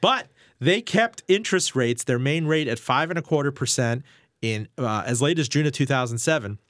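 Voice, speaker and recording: A man's voice: medium pitch, animated, moderate pace, fairly bright tone, no room sound, studio quality. A man hosting a finance interview, asking probing, rhetorical questions and laying out events with dates and figures. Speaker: interview host.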